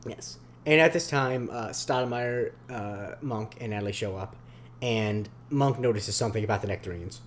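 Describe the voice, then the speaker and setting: A man's voice: fairly low pitch, slight background noise. A man co-hosting a podcast, recapping a TV episode in casual chat, rambling with lots of fillers. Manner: rambling, filler-heavy, slips into quick voice impressions. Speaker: podcast co-host.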